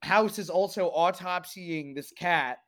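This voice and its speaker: Podcast co-host, storyteller, casual and amused, middle pitch. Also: a little slow, a bit bright. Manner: storytelling, laughing through plot recaps. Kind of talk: casual chat recapping a TV episode.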